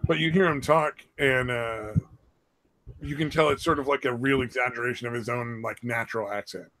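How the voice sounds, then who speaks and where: A man chatting on a podcast at an average pitch, rambling and often restarting his sentences. He swears freely, and his voice is recorded close and dry, with no room sound at all. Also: steady tone, normal speed, fairly bright tone, dry recording. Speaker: podcast co-host. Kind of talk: casual chat.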